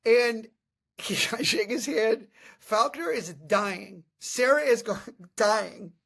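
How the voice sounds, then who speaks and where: A man in his thirties hosting a podcast, telling comic stories in a casual, animated way and often laughing. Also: high-pitched, slow pace, creaky. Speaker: podcast host. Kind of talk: casual comedic storytelling.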